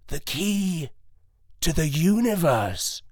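A storyteller voicing an ancient, wise male dog who speaks slowly and solemnly, in a storybook reading. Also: medium pitch, very animated, a little mellow, no room sound, studio quality, exaggerated voice. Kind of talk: storybook narration.

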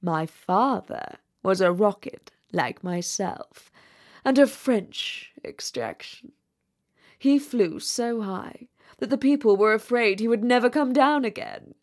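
A woman's voice: mid-range voice, animated, slow, darkish tone. A woman reading a storybook aloud, voicing a conceited, pompous male firework rocket in a haughty, dramatic manner. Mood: boastful. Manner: haughty, self-important, dramatic.

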